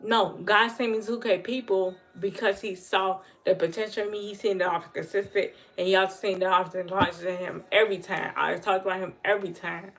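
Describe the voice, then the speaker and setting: A woman's voice: medium pitch, steady tone, brisk, few pauses. A woman giving an earnest, emotional talk about faith to viewers on her livestream. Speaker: livestream host. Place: home livestream.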